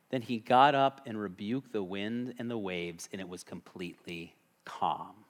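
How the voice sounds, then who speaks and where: A man's voice: lowish voice, measured pace. A man preaching a sermon as a pastor, talking conversationally and asking the congregation questions.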